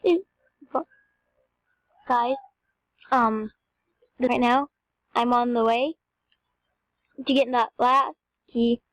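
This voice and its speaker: A woman's voice: on the high side, fairly even intonation, slow pace, long pauses, no echo, poor audio. A young female gamer chatting to viewers in a rambling, casual way as she plays. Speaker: game video narrator. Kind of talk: casual gameplay commentary.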